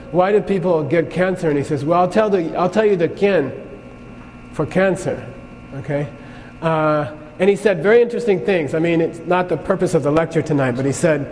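Fairly high-voiced man lecturing in a hall. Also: darkish tone, slight background noise. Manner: conversational, keeps checking in with the class. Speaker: Buddhist teacher. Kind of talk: classroom lecture with anecdotes. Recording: long hall reverb, faint ambience.

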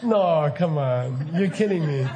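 Male spiritual teacher, slightly high voice, lively informal lecture, laughs through his points. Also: unhurried, muffled recording. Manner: animated, laughing, mock-incredulous asides.

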